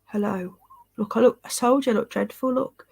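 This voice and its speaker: A woman on a relaxed home livestream, tired and yawning as she chats. Her voice sits a little high, loose and rambling, with a casual swear here and there. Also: normal speed, gravelly, husky. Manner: chatty, rambling, swears casually, greets viewers by name. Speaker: livestream host reading live chat.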